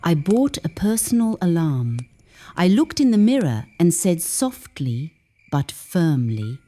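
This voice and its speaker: A woman narrating a first-person story for English learners in a slow, measured way, dropping to whispers at the tense moments. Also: lowish voice, big pitch swings, dark tone, faint music behind.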